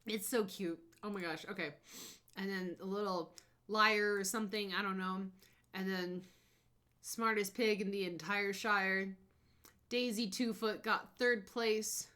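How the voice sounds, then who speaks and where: A woman's voice: medium pitch, measured pace. Bubbly young woman gushing over photos. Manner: bubbly, gushing, squeals with excitement. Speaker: streamer. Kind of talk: casual chat over travel photos.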